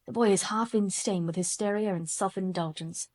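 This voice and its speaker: A woman's voice: mid-range voice, normal speed, darkish tone, no echo, close to an everyday voice. Narrator doing a curt, irritable male doctor, middle-aged.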